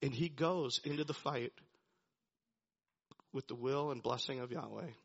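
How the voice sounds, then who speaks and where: A man's voice: medium pitch, unhurried, creaky, slightly rough. A man preaching a sermon, animatedly retelling a Bible story and chuckling as he goes. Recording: dull lo-fi recording.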